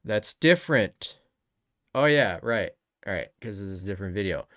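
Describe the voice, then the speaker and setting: A man's voice: on the low side, animated, moderate pace, a bit bright, no echo, clean studio sound. A man streaming a live reaction, talking casually and rambling with frequent backtracking.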